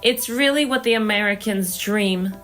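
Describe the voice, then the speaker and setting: A woman doing a comic impression of a giggly woman politician who rambles slowly through a folksy speech. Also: medium pitch, fairly bright tone, faint music behind, lightly acted. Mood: rambling, giggly. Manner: rambling, folksy, slow and drawn-out.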